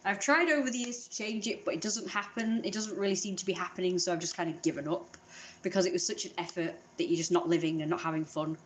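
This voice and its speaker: A woman's voice: on the low side, fast talker, a little hiss or hum. A woman chatting casually in a vlog, rambling and self-deprecating. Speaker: vlogger.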